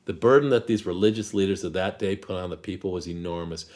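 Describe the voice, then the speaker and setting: A male pastor giving a short devotional message in a calm, measured way, softening when he reads scripture. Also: deep voice.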